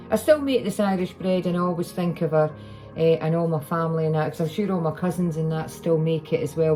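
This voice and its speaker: This is a Scottish woman with a fairly low, mellow voice, casually chatting through a home baking video. She rambles and restarts her sentences as she works in her kitchen. She is recorded on a phone, with faint music underneath. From Scotland. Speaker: home cooking vlogger. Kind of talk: casual chat while baking. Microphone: iPhone.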